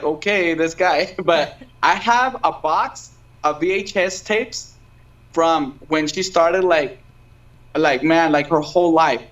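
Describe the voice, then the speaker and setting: A man in his thirties talks in a casual interview, rambling through fillers and restarts. His voice sits a little high for a man. The sound is dull and lo-fi, like a streamed call. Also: a bit bright. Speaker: guest singer.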